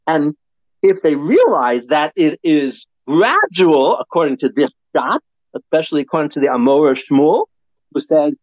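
Man, Torah lecture, high animated voice, dry dull lo-fi recording. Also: normal speed, no echo. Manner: animated, acts out quoted voices, asks and answers himself. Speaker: Torah teacher.

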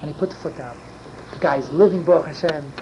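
An older man telling a rambling story at a fast clip, often rising into emphatic near-yelling. His speech is peppered with Yiddish and Hebrew words. The recording is dull and lo-fi, with loud background noise. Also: a little high. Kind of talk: animated storytelling.

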